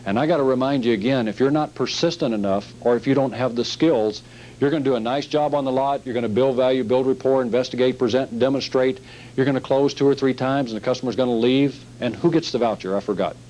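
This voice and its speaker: Male sales trainer, seminar delivery, emphatic, repeats points, mid pitch. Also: quick pace, mellow, slight background noise, rough recording. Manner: emphatic and repetitive, acting out scenes.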